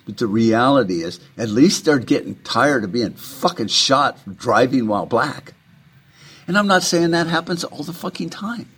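A man's voice: medium pitch, a bit bright, slightly rough. A man delivering an impassioned, rambling political rant, heated and full of profanity.

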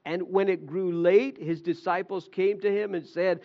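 High-voiced male pastor preaching. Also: moderate pace, hardly any pauses, dull audio. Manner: animated storytelling, acting out voices of the disciples. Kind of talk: sermon.

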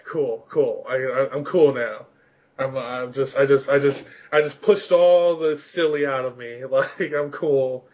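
A man in a casual podcast chat who rambles through self-mocking stories and laughs often. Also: medium pitch. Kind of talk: casual storytelling chat about gaming rage. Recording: dull, slightly lo-fi sound.

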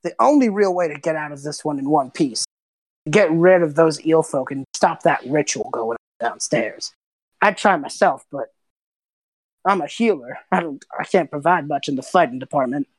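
A woman voicing a short, gruff old male lighthouse keeper with wild white hair, who talks bluntly and impatiently. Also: low-pitched, expressive, normal speed, no echo.

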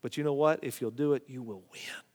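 A middle-aged man, telling a family story and preaching in a folksy way, sometimes dropping to a hushed voice. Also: medium pitch, a little fast, big-room sound. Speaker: Bible teacher. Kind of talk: preaching Bible study.

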